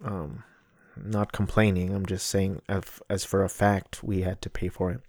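A man's voice: deep voice, little pitch movement, normal speed, darkish tone, no room sound, studio quality. A man in his thirties telling a rambling travel story in a casual, wry way, often correcting himself mid-sentence. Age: 30s.

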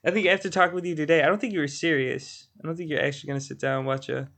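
Teasing, halting podcast host man. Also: on the high side, steady tone, creaky, a bit bright. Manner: joking, teasing, halting with fillers. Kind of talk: casual podcast chat.

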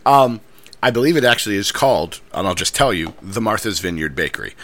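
A man chatting casually, reviewing a donut and telling a story in a measured, patient way. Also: lowish voice, expressive, a bit bright. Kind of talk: casual chat, food review.

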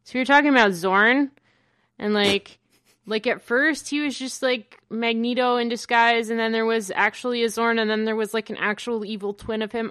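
A woman's voice: a little high, steady tone, normal speed, a bit bright, no room sound. A woman co-hosting a casual comic book podcast, making crude jokes. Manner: crude, joking. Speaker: podcast co-host.

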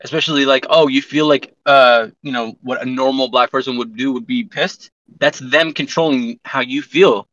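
Casual podcast talker: a man with a forceful, bright voice, candid and profane, on a dull, dry recording. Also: medium pitch, moderate pace, few pauses, no echo. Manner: candid, profane, rambling with many restarts. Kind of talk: casual chat.

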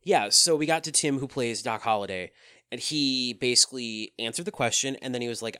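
A man chatting casually as a podcast co-host, halting, with fillers and self-corrections. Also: mid-range voice, pushed and bright, smooth, no room sound, clean studio sound. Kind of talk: casual chat.

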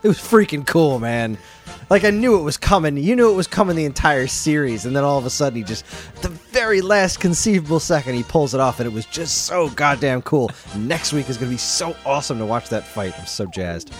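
Lively, excitable man recapping a show. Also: a little high, a little fast, faint music behind. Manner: excitable, slangy storytelling. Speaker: podcast co-host. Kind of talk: casual chat and recap.

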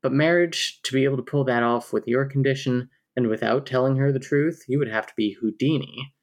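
A man's voice: mid-range voice, a little fast, lightly acted. A man reading aloud the warnings of a stern young man, in a blunt, plain voice.

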